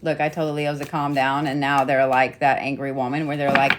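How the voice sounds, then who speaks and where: A woman's voice: a bass voice, level tone, brisk, background noise. A middle-aged woman giving a casual weekly zodiac card reading, chatty and playful with frequent swearing. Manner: chatty, profane, playful teasing. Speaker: tarot and zodiac reader.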